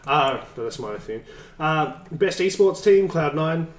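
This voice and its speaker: A man co-hosting a podcast in casual chat. He is opinionated, runs through the segments and gets lively when he argues a point. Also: a little high, measured pace. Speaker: podcast co-host. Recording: echoey room.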